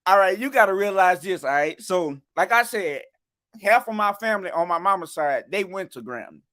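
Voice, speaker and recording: On a casual sports podcast, a male co-host rambles about college football, restarting often and repeatedly asking "you know what I'm saying." His voice sits high with lively intonation, a moderate pace, and a fairly bright tone.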